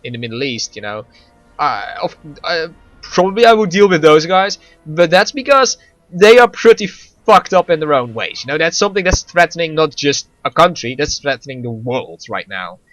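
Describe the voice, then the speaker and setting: A man chatting casually on a gaming show, rambling along with stammers, restarts and frequent laughs. His voice sits a little high. The recording is dry and close. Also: sing-song, moderate pace, a bit bright, no echo, faint music behind. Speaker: gaming podcast co-host. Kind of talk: casual chat.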